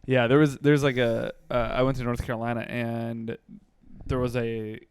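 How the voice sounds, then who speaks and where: A man's voice: mid-range voice, level tone, moderate pace, clear, resonant tone. A young man co-hosting a podcast, telling an old bar joke in a laid-back, casual way and chuckling often. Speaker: podcast co-host.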